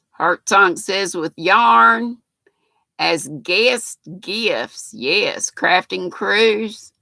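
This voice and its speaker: Here a livestream host, an older woman with a North Carolina accent, reads viewer comments in a casual, folksy chat, laughing as she goes. She speaks very slowly and pauses often, her medium-pitched voice lively, bright, forceful, and marked by vocal fry. The audio has no room sound.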